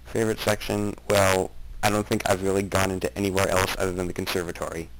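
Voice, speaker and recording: A man's voice: low-pitched, level tone, quick pace, slight background noise, poor audio. A man from Canada, a podcast guest, chatting casually and playing along with jokes. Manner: jokey, plays along with gags. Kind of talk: casual chat.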